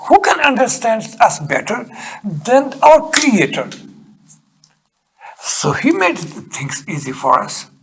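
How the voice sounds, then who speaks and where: An older man with a Kashmiri accent giving an earnest religious lecture as a Quran teacher, rising sharply for emphasis and dropping low for prayers. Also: wildly swooping pitch, takes it slowly, long pauses, a bit bright, slight background noise.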